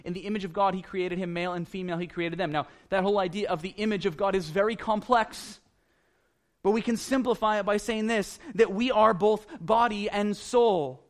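A pastor preaching an earnest sermon, repeating phrases for emphasis and building in intensity. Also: male voice, high voice, fairly quick.

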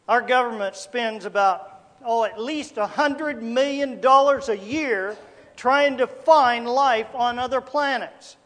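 A man's voice: very high voice, takes it slowly, fairly bright tone, long reverb tail. A man preaching a sermon in a folksy, emphatic way, calling his listeners folks.

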